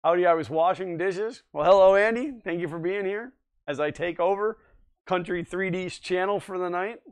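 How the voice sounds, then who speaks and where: Chill stream host guy reading chat, smooth clear voice, a bit high, laughs a lot. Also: normal speed. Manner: chatty and easygoing, laughs often. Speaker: livestream host. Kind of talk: casual chat, reading viewer chat aloud.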